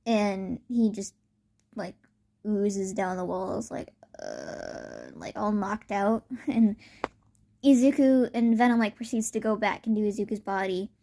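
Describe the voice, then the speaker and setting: A young woman telling a made-up fan story out loud in a casual, rambling way, full of fillers. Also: medium pitch, fairly even intonation, a little slow.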